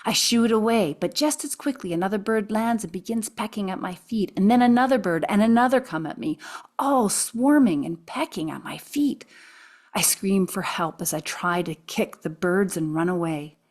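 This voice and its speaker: A woman reading aloud from her own memoir, expressive, sometimes dropping into soft whispers. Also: medium pitch, normal speed. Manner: expressive, drops to soft whispers at quiet moments.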